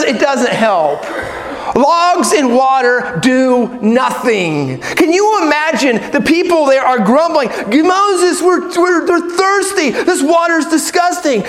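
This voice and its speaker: A middle-aged man, a pastor, preaching a sermon in an animated way, acting out the people in his story. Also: very high voice. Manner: animated, acts out people and God in quoted voices. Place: church sanctuary. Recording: echoey hall with long reverb.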